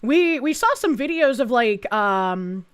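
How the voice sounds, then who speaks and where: A woman's voice: a little high, expressive, slow, clean tone. A young woman streamer chatting casually, reading viewer messages aloud and answering them. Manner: chatty, reads messages aloud, frequent fillers and laughs. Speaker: streamer reading chat donations. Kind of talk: casual livestream chat.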